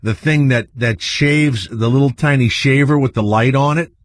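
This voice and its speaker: A man's voice: medium pitch, normal speed, slight background noise. A man hosting a radio show, chatting casually, rambling and asking questions.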